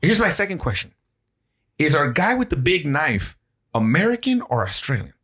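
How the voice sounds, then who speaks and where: Male podcast co-host, high and bright voice, excitable, curses freely; casual movie-review banter. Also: moderate pace. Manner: excitable, swearing, laughing often.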